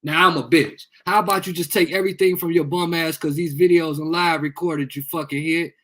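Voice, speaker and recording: A man's voice: fairly high pitch, steady tone, fairly quick, a bit bright. A man speaking into his phone on a live video, confrontational and profane, repeating himself as he appeals to viewers. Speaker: livestreamer asking viewers for help. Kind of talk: heated live video rant.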